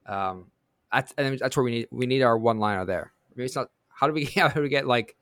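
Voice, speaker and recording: A man co-hosting a podcast in casual chat, pitching a plot with fillers and quick bursts. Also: no echo, clean studio sound. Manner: brainstorming with lively bursts, fillers. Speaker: podcast co-host.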